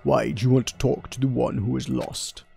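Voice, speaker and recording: A man's voice: medium pitch, flat delivery, normal speed, creaky, warm tone, faint music behind. A man voicing a grandiose, haughty young man in a posh put-on voice, declaiming formally while playing through a game. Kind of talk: let's play voice acting.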